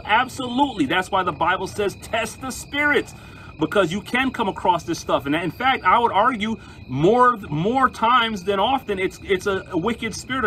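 A man, a pastor, talking to viewers in an emphatic, animated preaching style and telling stories. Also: sits high, a little hiss or hum, low-quality recording.

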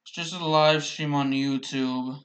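A young man casually commentating his own gameplay, rambling slowly with restarts, bothered by hiccups and coughs. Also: on the high side, steady tone, a bit bright.

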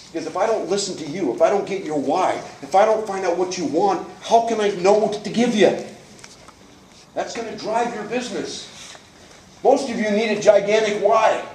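A man whose voice sits high and a little mellow addresses a live audience in an indoor event hall, giving a folksy, emphatic motivational talk at a business coaching event and impersonating the people he talks about. The recording carries a little hiss or hum, with hall echo and a distant pickup.

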